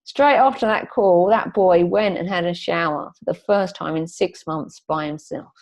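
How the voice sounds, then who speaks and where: A woman's voice: on the low side, normal speed. Woman coach retelling a client story. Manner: lively storytelling, acting out quoted dialogue; earnest, emotional when recalling. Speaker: transformational coach. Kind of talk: interview guest telling a client story.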